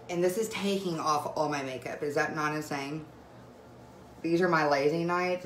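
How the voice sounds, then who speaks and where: Excited and emotional, a young woman with a low voice talks up skincare in a casual live video chat as a direct sales vlogger. Her phone mic catches an echoey home room and a faint background hiss.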